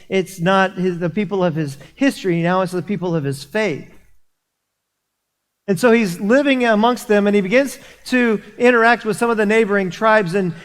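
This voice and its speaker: A man, preaching a sermon as a pastor, telling a story with many restarts and repeated words. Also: high-pitched. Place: church sanctuary. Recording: long hall reverb.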